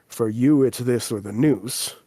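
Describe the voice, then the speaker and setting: A man voicing a stern, disdainful elven king and father, speaking low, quiet and deadpan. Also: measured pace, slightly rough, no room sound. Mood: cold disdain.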